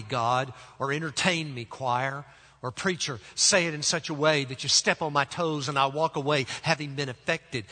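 A pastor preaches a sermon in a church sanctuary, speaking emphatically with deliberate pauses and often dropping into soft, low tones. The recording carries a long church reverb.

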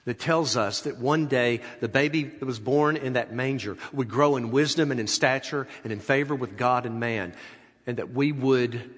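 A male preacher tells a sermon story, rising loud and then dropping to a hush. His mid-pitched voice echoes through a large church hall. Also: normal speed. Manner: dramatic storytelling, swinging between loud and hushed.

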